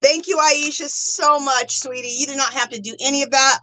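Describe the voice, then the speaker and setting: A woman's voice: high-pitched, normal speed, bright, forceful tone, rough recording. A woman hosting a casual craft livestream, chatting with viewers and gushing with thanks. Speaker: livestream host.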